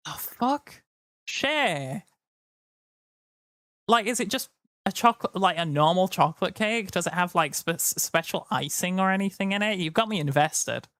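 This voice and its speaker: A man's voice: high-pitched, animated, normal speed, bright, forceful tone, no echo, clean studio sound. A tired man chatting casually to his live-stream audience, rambling and joking. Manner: rambling, jokey, slips into silly voices. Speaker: livestreamer.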